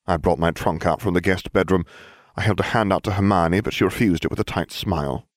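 A man reading a first-person story aloud with dry, deadpan comic delivery. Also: low-pitched, a little fast, no echo. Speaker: narrator.

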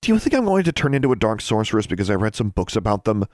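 A man's voice: on the low side, lively intonation, fast talker, a little mellow, dry recording, studio quality. A man voicing a stubborn, curious teenage girl witch in a storybook reading, insistent and defiant.

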